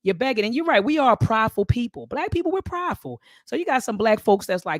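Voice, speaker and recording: A woman's voice: mid-range voice, expressive, a little fast, hardly any pauses, no echo, studio quality. A woman hosting a live-stream book club discussion, speaking with passion and a preacher-like cadence that repeats phrases. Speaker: host.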